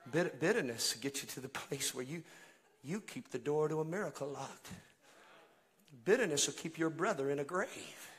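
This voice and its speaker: A man preaching a Pentecostal sermon to a congregation in a church, swinging from quiet asides to shouted, half-sung climaxes and calling out to the crowd. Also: mid-range voice, husky. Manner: calls out to congregation, chanting and half-singing lines. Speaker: pastor. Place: church sanctuary.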